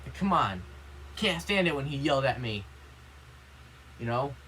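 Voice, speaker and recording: A man's voice: mid-range voice, big pitch swings, moderate pace, sharp tone, a little hiss or hum, low-quality recording. A man vlogging in a casual, rambling monologue, indignant and complaining, filling every line with "you know" and "like".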